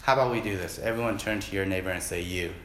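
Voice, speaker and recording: A man's voice: fairly low pitch, racing, fairly bright tone, slight background noise. A man preaching a casual, joking sermon and asking the congregation to answer back. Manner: jokey, conversational, asks the congregation to respond. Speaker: pastor. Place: church hall. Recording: echoey church hall.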